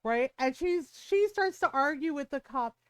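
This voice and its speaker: A woman streamer with a high voice chats casually. She tells an animated story and acts out every quote. The sound is dry and close, with no room echo. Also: normal speed. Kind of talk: casual chat.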